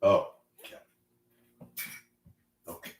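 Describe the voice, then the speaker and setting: A man hosting a live solo talk show, rambling and wisecracking in a meandering, self-interrupting way with a low-key, deadpan delivery. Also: takes it slowly.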